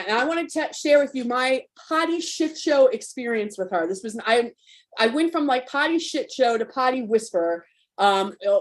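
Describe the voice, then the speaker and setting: A woman coach giving a live online talk to parents, frank and spirited, cursing freely in a conversational, rallying way. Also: on the high side.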